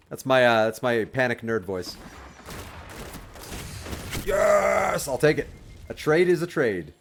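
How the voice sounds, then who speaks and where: Casually chatting on his game livestream, a young man offers his chat dating tips in a rambling, friendly way, full of restarts and chuckles. His medium-pitched voice is sing-song and slow, with vocal fry and frequent pauses.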